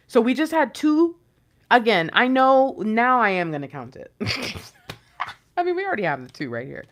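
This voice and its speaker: Woman reading tarot cards for an online audience, lively and playful, sometimes whispering. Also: fairly high pitch, a little slow, long pauses. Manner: animated, playful, drops into whispers. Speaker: tarot reader.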